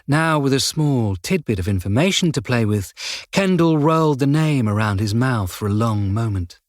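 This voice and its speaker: Reading a crime novel aloud, a male audiobook narrator keeps a steady, measured delivery in a mid-range voice. There's no room sound in the clean studio recording of this scripted narration.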